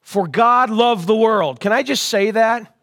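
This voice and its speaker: A man preaching a sermon as pastor, calling out to his congregation and swelling louder on key lines. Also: high voice, unhurried. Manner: call-and-response preaching to an online congregation.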